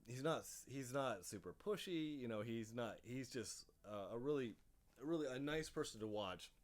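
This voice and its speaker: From his home office, a man hosts a casual live stream for his drone hobby channel, speaking into a desk microphone. His medium-pitched voice is animated and moderately paced, and he rambles with fillers and restarts.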